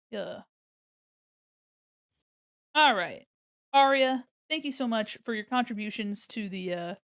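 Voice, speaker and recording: A chatty American woman with a neutral accent and a fairly high voice, talking to her stream while she draws. She rambles, laughs a lot and greets viewers with bright bursts. The sound is close and dry, with no room around it. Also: no room sound. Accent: neutral General American. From United States. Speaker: art streamer. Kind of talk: casual live-stream chat while drawing.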